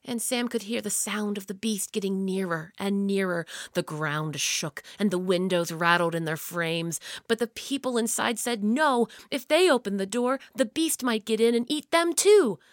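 A woman reads a children's story aloud, steady and expressive, sinking low and quiet for suspense. Her voice sits at an ordinary middle pitch for a woman. The sound is close and dry, with no echo. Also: normal speed, few pauses.

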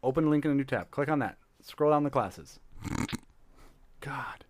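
Lively, playful young man chatting. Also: medium pitch. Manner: playful, teasing, quick to laugh. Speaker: podcast co-host. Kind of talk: casual banter.

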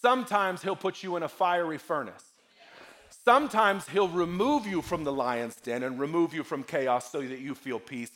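A man preaching a sermon as pastor, swinging from loud, emphatic lines to hushed ones. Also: high voice, expressive, normal speed.

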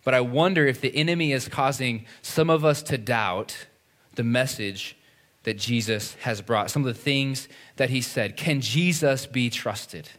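A pastor delivering a conversational sermon, often asking "right?" and acting out quoted voices. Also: male voice, medium pitch, a bit bright.

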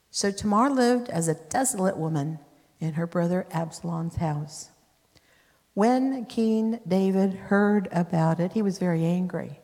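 A woman's voice: lowish voice, a little slow, a little mellow. A woman preacher retelling scripture in a sermon, emphatic with conversational asides. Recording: long hall reverb.

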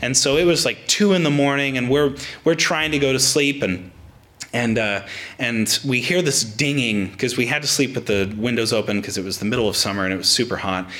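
A young man preaching a sermon, animated and casual, often restarting his sentences as he explains a passage. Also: medium pitch, a little fast. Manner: animated, frequent restarts, acts out quotes. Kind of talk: sermon with personal anecdote.

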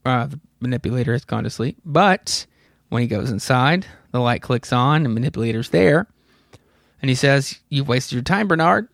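A podcast host in his thirties recaps a comic book in a loose, rambling way, cursing occasionally and laughing at his own side comments. His gravelly voice sits at a middle pitch and moves at a normal speed. The mic is close and dry, with no room sound at all.

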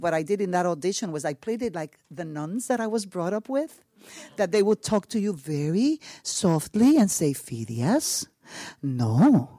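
On a panel, a Puerto Rican actress with a Puerto Rican accent and a voice on the low side recounts an anecdote in an animated way. She acts out what people said, laughs often, and slips into Spanish, all in a dry recording.

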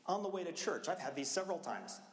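Middle-aged pastor preaching in an echoey hall. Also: male voice, on the high side, expressive. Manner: conversational preaching, acting out his own rushed outbursts. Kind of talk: sermon. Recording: echoey hall, long reverb.

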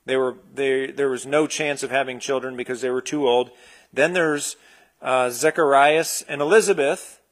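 A man preaching a conversational sermon, relaxed and searching, with frequent fillers and restarts. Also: medium pitch, moderate pace. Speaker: pastor.

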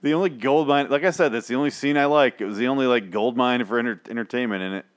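A hoarse man co-hosting a podcast in casual chat, swearing freely and riffing with laughter. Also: medium pitch, fast. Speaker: podcast co-host.

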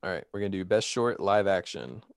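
A man's voice: low voice, animated, brisk, clean tone, no echo, studio quality. A man hosting a casual podcast chat, reading out award nominees and laughing often. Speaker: podcast host.

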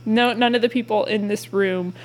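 A young woman running a tabletop game as game master, describing scenes casually with many fillers and pauses. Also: medium pitch, fairly even intonation.

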